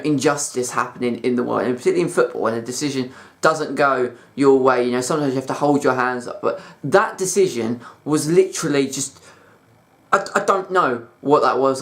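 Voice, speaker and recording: Fuming football fan ranting. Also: male voice, fairly high pitch, fairly quick, fairly bright tone. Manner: fuming, exasperated, repetitive "like" and "you know". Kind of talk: angry ranting commentary.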